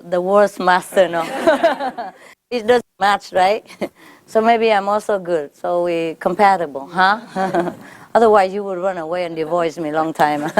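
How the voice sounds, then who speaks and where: A woman spiritual teacher speaking informally to her followers, laughing often and repeating warm phrases. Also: mid-range voice, slight background noise. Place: gathering with a live audience.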